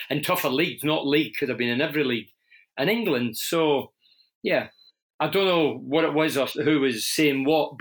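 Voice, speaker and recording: A former footballer turned radio presenter, now middle-aged, speaks in a higher, fairly bright voice with a broad Glaswegian Scottish accent. Frequently restarting, he tells candid stories in a relaxed interview.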